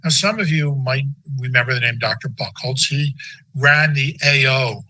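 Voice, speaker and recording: A man's voice: mid-range voice, moderate pace, pushed and bright, rough recording. A man in his sixties giving a conversational medical lecture with folksy, anecdotal asides. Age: 60s.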